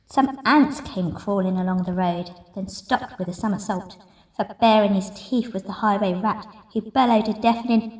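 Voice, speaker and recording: A woman reading a picture book aloud in an expressive, rhythmic way. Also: mid-range voice, normal speed. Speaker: masked story reader. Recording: roomy echo, distant mic.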